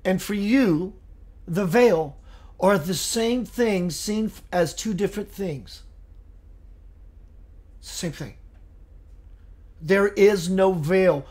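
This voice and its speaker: Guy teaching spiritual stuff on a live show, soft earnest meditative talk. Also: sits high, takes it slowly, pauses often. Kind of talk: live spiritual talk reading viewer comments.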